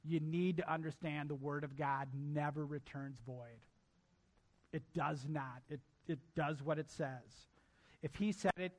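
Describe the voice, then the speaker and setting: A male pastor preaching a sermon emphatically, repeating key lines and addressing his congregation directly. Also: fairly high pitch.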